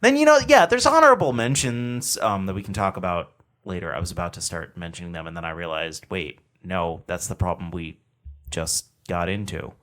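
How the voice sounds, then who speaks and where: A man's voice: low voice, lively intonation, a bit bright. A man co-hosting a casual video game podcast, cutting in with jokes and teasing guesses. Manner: quick joking interjections and teasing guesses. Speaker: podcast co-host. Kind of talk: casual chat about video games.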